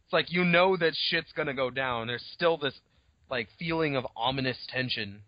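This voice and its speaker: A man co-hosting a podcast, talking casually about a novel, swearing now and then and throwing in quick asides. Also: medium pitch, no echo, highs cut off. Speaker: podcast co-host. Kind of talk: casual book discussion.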